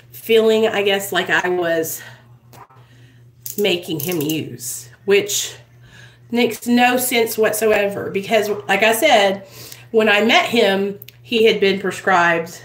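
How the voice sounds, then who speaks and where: Chatty woman vlogging in an echoey room. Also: mid-range voice. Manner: rambling, chatty, addresses viewers as "you guys". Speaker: vlogger in addiction recovery. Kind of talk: casual storytelling to camera. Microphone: built-in camera mic.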